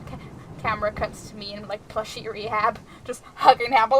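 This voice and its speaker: Giggly high-voiced young woman streamer. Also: moderate pace, pushed and bright, a little hiss or hum, rough recording. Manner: chatty, giggly, swings between high and chill. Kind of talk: casual chat with live chat.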